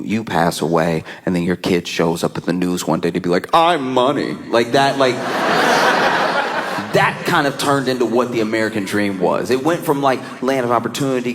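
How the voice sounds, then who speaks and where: A male comedian telling a stand-up bit with lively storytelling, laughing through his lines and jumping into quick voiced asides. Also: lowish voice.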